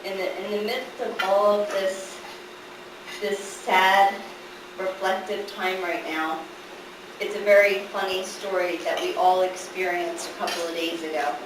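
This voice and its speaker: A middle-aged woman telling a family story to a live audience, animated and laughing through the funny parts. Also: medium pitch, measured pace. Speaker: daughter telling a story at a gathering. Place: large echoey room at a family gathering. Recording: echoey room, far from the mic, background noise.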